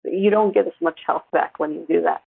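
A woman in her forties co-hosts a casual chat, telling stories in an animated way. Her voice sits low with a gravelly fry. The sound is dry and tinny, like a phone line. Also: fairly quick, dry recording. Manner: chatty, animated storytelling. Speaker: podcast co-host.

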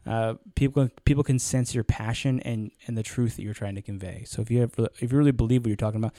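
A man co-hosting a podcast in casual chat, animated and rambling, with lots of fillers and restarts. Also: mid-range voice, quick pace, dry recording, studio quality. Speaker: podcast co-host.

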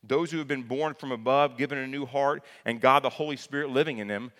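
A male pastor delivers a sermon in an easy, conversational way, stopping to restate his main points. His voice sits at a middle pitch. The sound carries a long reverb, as in a large hall. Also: fairly quick, few pauses, a bit bright. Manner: conversational, repeats key phrases for emphasis.

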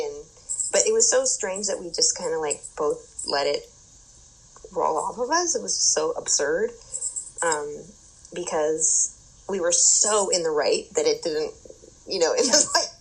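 A young adult woman telling an animated story in casual chat, with lots of fillers and swearing. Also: lowish voice, breathy edge, low-quality recording.

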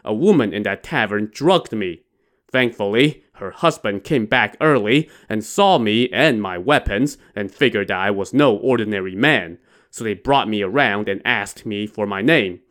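A man's voice: lowish voice, expressive, normal speed, fairly bright tone. A man casually retelling a classic adventure novel, dropping in wry, irreverent asides. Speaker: storyteller.

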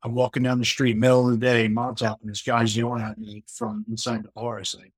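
A middle-aged New Yorker appearing as a podcast guest tells a personal story in a rambling, conversational way, restarting often and saying "you know" a lot. His medium-pitched voice is monotone, a little fast and breathy-edged, and the recording is rough with no echo.

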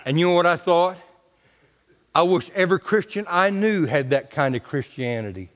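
Brief: homespun male preacher, high for a man, in a church with long reverb. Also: lively intonation, normal speed, fairly bright tone. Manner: homespun and colloquial, talks to the congregation. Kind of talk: folksy storytelling sermon.

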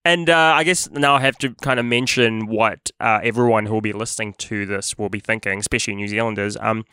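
Bright, smooth-voiced male radio host. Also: lowish voice, steady tone, a little fast, no room sound, clean studio sound. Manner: playful, teasing. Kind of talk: radio interview.

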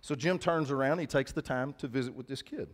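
Man, pastor, casual sermon, talks to the room, mid-pitched voice. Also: a little fast. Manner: conversational preaching with call-outs to the congregation. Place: church.

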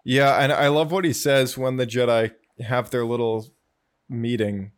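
A man's voice: mid-range voice, fairly even intonation, measured pace. A man in a casual discussion, speaking chattily with frequent "like" and repeated words. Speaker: podcast co-host.

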